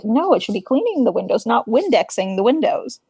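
A woman with a gravelly, husky voice speaks thoughtfully in a casual panel chat. Her voice sounds close and dry, with a reflective, anecdotal manner. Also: on the high side, very animated, a little fast, mellow, no echo.

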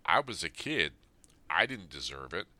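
Man in his fifties with a low voice and a hard, forceful edge. He is earnest and plain-spoken, reading a letter aloud and then reflecting on it. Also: big pitch swings, moderate pace, no room sound. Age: 50s. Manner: earnest, plain-spoken, speaking straight to his late father. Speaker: Army veteran sharing a personal letter.

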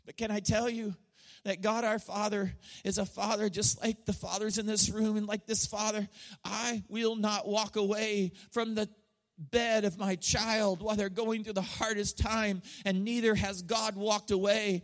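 A middle-aged man preaching a sermon, telling a story with emotion and swinging from loud passages to hushed ones. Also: high voice, little pitch movement, moderate pace. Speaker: pastor.

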